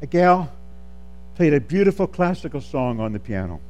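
A man preaching a sermon, calling for amens and swinging between soft asides and loud, drawn-out lines. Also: a little high. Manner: animated, calls for amens, swings from soft to shouting.

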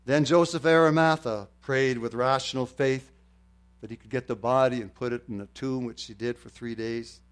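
An older man preaching a sermon, moving from quiet storytelling to loud, fervent exclamations. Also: medium pitch, fairly even intonation, normal speed, clear, resonant tone. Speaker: pastor.

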